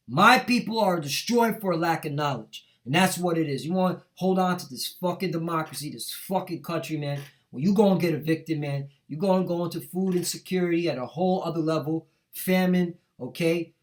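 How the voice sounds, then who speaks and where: A middle-aged man with a slightly high voice preaches a heated street sermon, reading scripture and then breaking off into profane rants. He punctuates his lines with "all right?" and "man."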